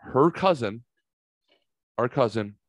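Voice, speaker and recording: A man in his forties with a mid-range voice chats through a story as a podcast host, animated and full of swearing. His pitch leaps up whenever he gets excited. The sound is dry and close, with no room echo. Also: slow pace. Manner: animated, swears freely, jumps higher when excited. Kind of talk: casual storytelling chat.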